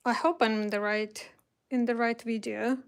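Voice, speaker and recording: A woman's voice: on the high side, fairly even intonation, moderate pace. A woman hosting a craft livestream, chatting casually, greeting viewers by name and rambling with restarts. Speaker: craft shop host.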